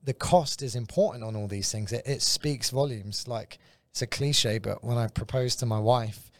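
A man's voice: mid-range voice, normal speed, no echo. A man from London with a British accent, a guest speaking thoughtfully in a casual Christian talk show. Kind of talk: casual faith conversation.

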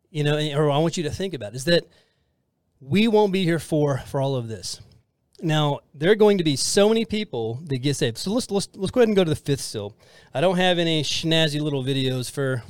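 A man's voice: on the high side, no room sound, studio quality. A man hosting a podcast, teaching the Bible in a casual, earnest way with many restarts and fillers.

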